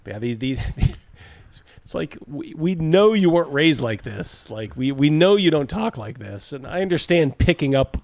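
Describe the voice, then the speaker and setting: A man's voice: a little high, sing-song, moderate pace, creaky, darkish tone, dry recording. A man hosting a livestream, reacting to clips with rambling talk, crude jokes and frequent laughter. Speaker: host. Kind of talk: casual livestream reaction chat.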